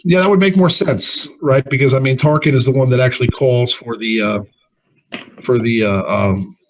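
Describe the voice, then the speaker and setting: A man hosting a casual live gaming show, often halting and restarting his words. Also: medium pitch, poor audio.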